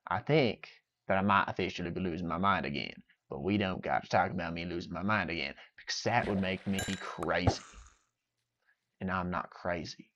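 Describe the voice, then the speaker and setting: Man putting on a low, quiet, drawling farmer type, odd and rambly, dull lo-fi audio. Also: normal speed, slight background noise. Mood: goofy. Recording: dull lo-fi sound.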